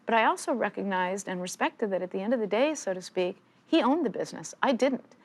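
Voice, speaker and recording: A woman's voice: mid-range voice, a little fast. A woman in her sixties, an interview guest telling stories emphatically in a strong, not dainty voice. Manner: emphatic, forceful, animated storyteller. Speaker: guest, football analyst. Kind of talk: conversational interview storytelling. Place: studio.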